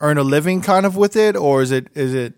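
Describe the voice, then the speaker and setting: A man's voice: on the high side, fairly quick, a little hiss or hum. A man hosting a casual podcast, talking loosely with plenty of swearing. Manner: loose, profane, laid-back.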